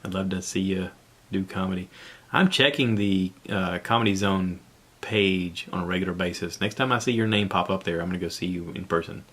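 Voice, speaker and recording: A man's voice: low-pitched, a little fast, fairly bright tone, slightly rough. A man, hosting a casual solo podcast from home in a rambling, easygoing way with frequent chuckles. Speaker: podcast host.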